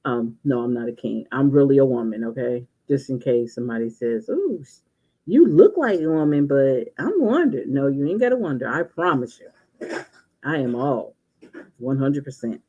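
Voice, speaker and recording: A woman in her sixties chatting and laughing on a casual livestream, telling stories with drawn-out exclamations. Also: extremely low pitch, very animated, mellow, breathy edge, lo-fi sound. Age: 60s. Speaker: livestream host.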